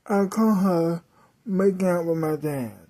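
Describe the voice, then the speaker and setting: Slow, mellow woman telling a comic story. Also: fairly low pitch. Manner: dramatic, with self-corrections and sudden outbursts. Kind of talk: comedic storytelling.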